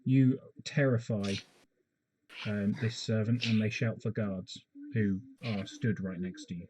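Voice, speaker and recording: A man narrating as game master of a tabletop game, with a halting, filler-heavy delivery. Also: fairly low pitch, fairly even intonation, noisy background. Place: home, online session.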